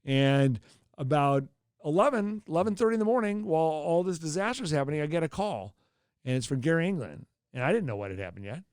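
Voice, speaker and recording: Older male podcast host, animated storyteller, slightly high, dry sound. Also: quick pace, smooth, no echo. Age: 60s. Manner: animated anecdote-telling, often tags lines with "okay?". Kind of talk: casual storytelling chat.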